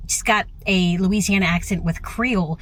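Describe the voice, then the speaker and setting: Sitting in a parked car in a parking lot, a woman travel vlogger films herself on a handheld phone, gushing with enthusiasm in casual vlog chatter. She speaks at a moderate pace in a lowish voice.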